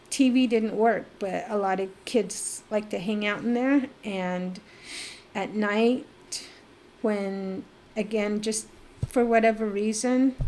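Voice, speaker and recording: A middle-aged woman from the Navajo Nation, telling her life story as a podcast guest in a lively, animated way. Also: medium pitch, slight background noise. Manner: animated storyteller who acts out remembered voices. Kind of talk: personal storytelling in a casual interview.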